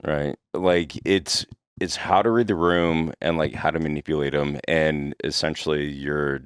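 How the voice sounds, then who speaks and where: A man's voice: a bass voice, steady tone, a little slow, smooth, dry recording, studio quality. A man co-hosting a podcast, musing hesitantly in casual conversation.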